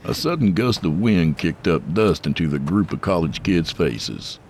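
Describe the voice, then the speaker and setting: A man narrating a story in a measured, scripted storytelling delivery. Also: low voice, lively intonation, a little hiss or hum.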